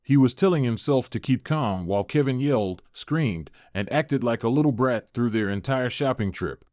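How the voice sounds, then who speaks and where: A man narrating a scripted viral story in an even, measured way. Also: medium pitch, no room sound, clean studio sound.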